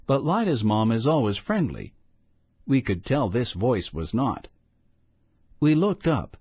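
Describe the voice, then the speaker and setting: Slow, expressive male storybook reader. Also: medium pitch, husky, dry recording. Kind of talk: reading a children's story aloud. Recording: muffled lo-fi recording.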